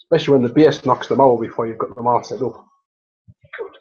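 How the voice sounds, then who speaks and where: A man's voice: mid-range voice, brisk, a little mellow, lo-fi sound. A man chatting casually and jokily on a livestream, rambling and laughing often. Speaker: livestream host.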